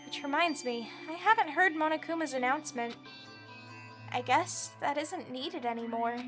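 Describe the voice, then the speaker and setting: A weary young man narrates his fears and doubts, read aloud by a woman. The delivery is subdued and reflective, though the voice stays high and bright. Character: gloomy, weary young male protagonist narrating. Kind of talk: reading game narration aloud on stream.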